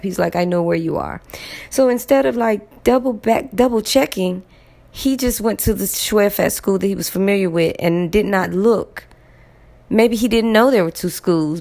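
A woman telling a personal story to her viewers in a casual, animated way, repeating words for emphasis. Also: medium pitch. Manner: addresses viewers directly.

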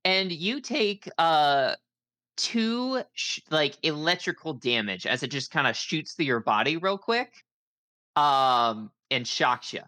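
Woman game master, low pitch, bright tone, chatty narration. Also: big pitch swings, slow, no echo. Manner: chatty, laughing often, many fillers.

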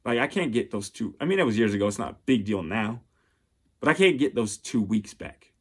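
Husky and expressive, a fairly low male voice moves a little fast through a sincere, advice-giving monologue. He keeps restarting and using fillers as emotion builds in this personal motivational talk.

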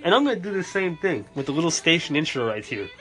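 A man hosting a podcast in a jolly Santa persona, giving cheerful, bouncy holiday shout-outs. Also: fairly high pitch, very animated, fast, soft background music.

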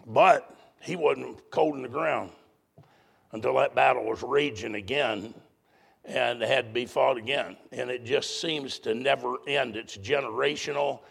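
Very gravelly older male preacher. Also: medium pitch, a little slow. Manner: folksy, blunt, emphatic preaching. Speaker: pastor. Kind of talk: sermon.

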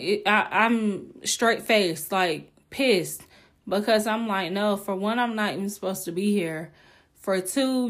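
A young woman hosting a podcast, telling a candid, exclaiming storytime with plenty of swearing. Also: a little high. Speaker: podcast host. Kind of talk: casual storytime monologue.

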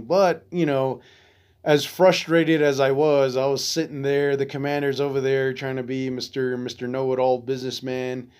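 A man's voice: medium pitch, little pitch movement, normal speed, darkish tone, clean tone. A man from Arizona hosting a veterans podcast, telling a story casually with loose, profane, frustrated asides.

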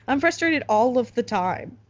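A woman's voice: a little high, expressive, a little slow. Chatty young American woman podcast host. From United States. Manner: chatty, full of "like" fillers. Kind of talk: casual podcast chat. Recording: slightly muffled podcast recording.

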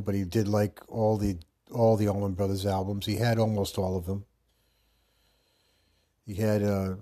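A man's voice: fairly low pitch, darkish tone. An American man hosting a podcast in casual, rambling talk full of fillers and restarts. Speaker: podcast host.

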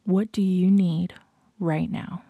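A woman hosting a podcast, giving a slow, reflective motivational talk, often dropping into soft whispers and repeating questions to the listener. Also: fairly low pitch, steady tone, creaky, husky, no echo, phone-quality sound. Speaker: podcast host.

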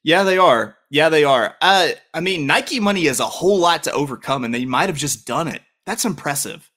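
A man with a Southern drawl hosts a sports chat, his voice bright and forceful. He rants hard, swears freely and gets animated, jumping up in pitch when worked up. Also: moderate pace. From Southern US (Louisiana). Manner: profane, animated ranting. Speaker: podcast host.

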